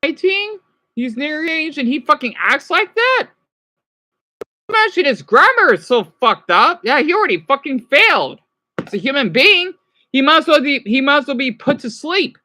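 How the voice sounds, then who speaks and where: High, lively-voiced man ranting. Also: unhurried, pauses often. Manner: agitated, swearing, restarts, answers chat. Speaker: livestreamer. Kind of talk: ranting live stream monologue.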